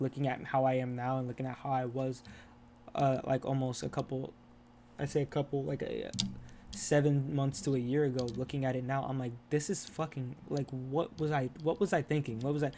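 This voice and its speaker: A man's voice: medium pitch, little pitch movement, fairly quick, mellow, slight background noise. Young man talking candidly and profanely. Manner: rambling, profane, restarts often. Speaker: podcast co-host. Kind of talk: casual candid chat.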